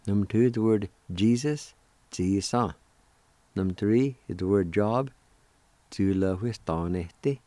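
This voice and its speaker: Male radio language teacher, low and unhurried, patient syllable-by-syllable delivery, dry close sound. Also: mellow, no echo.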